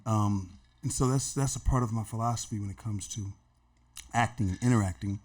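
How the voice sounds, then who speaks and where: A man guesting on a podcast, talking in a relaxed, reflective way and often adding "man". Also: on the low side, a little fast. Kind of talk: casual interview chat.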